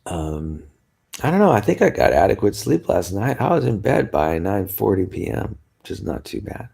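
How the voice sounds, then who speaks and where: A man's voice: on the low side, big pitch swings, moderate pace, vocal fry, darkish tone, breathy edge. A man talking casually to his viewers in a chatty, rambling way, tired and yawning now and then. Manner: chatty, rambling, with frequent laughs and sighs. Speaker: vlogger. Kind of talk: casual chat to camera.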